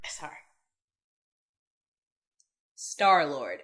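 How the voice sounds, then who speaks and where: A woman's voice: fairly low pitch, lively intonation, a little slow, sharp tone. A woman giving a casual, emotional spoiler review of a movie, sighing and exclaiming as she talks.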